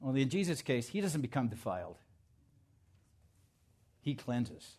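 A male pastor preaching a sermon to his congregation, swinging from quiet asides to loud, emphatic declarations. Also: mid-range voice, very animated, measured pace, breathy edge.

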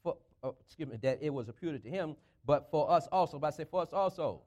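A man's voice: on the high side, fast, a little mellow. A male preacher delivering a sermon with an emphatic, call-and-response style, building phrases up and driving them home, with speech patterns.

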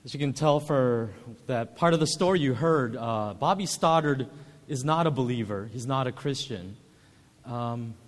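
A man preaching a sermon as pastor, measured and reflective, often pausing with filler sounds. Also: medium pitch, in a large hall.

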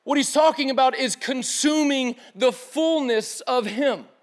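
Pastor guy preaching loose and slangy, pretty high voice, does little voices for people. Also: measured pace. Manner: slangy, animated, acts out the people he quotes. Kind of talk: casual sermon.

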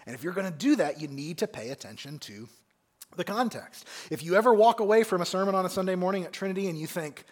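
A man's voice: high voice, fast, husky. A male pastor preaching an expository sermon in a church, asking his listeners many questions. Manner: animated, asks the congregation many questions. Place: church sanctuary.

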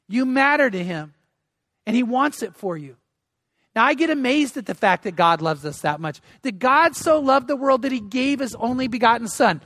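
A man's voice: extremely high pitch, fairly bright tone, no room sound, studio quality. An older man preaching a sermon as pastor, earnest and emphatic, often repeating words as he restarts.

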